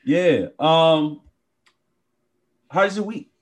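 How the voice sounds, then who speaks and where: A man co-hosting a podcast in casual chat, playful and jokey, now and then jumping into high squealed exclamations. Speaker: podcast co-host.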